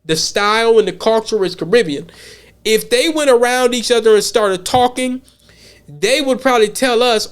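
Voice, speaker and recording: A man's voice: very high voice, normal speed, clean tone. An American man hosting a podcast, talking casually in a blunt, profane way, often repeating words as he thinks. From United States. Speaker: podcast host.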